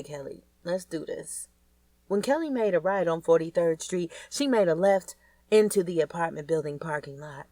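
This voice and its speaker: A woman's voice: sits low, darkish tone, no room sound. A woman reading a first-person audiobook in a plain, conversational way. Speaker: audiobook narrator.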